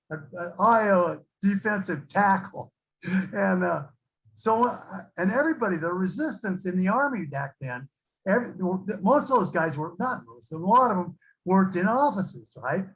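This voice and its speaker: A man's voice: high voice, fairly bright tone, rough recording. An older man sharing his recovery story with a support group, rambling and laughing as he acts out the people in it. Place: online recovery meeting.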